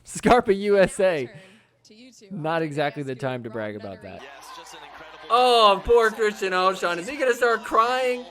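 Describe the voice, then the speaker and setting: A man's voice: high-pitched, expressive, moderate pace, bright, forceful tone. A man hosting a podcast, giving casual, teasing commentary over sports clips and laughing often. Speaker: podcast host.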